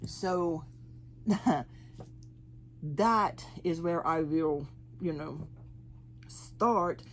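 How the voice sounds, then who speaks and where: A woman from Oklahoma with an Oklahoma accent and slowed, halting speech after a stroke, chatting and laughing as she tells her story in an interview. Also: low-pitched, a little hiss or hum. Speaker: interview guest. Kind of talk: personal testimony.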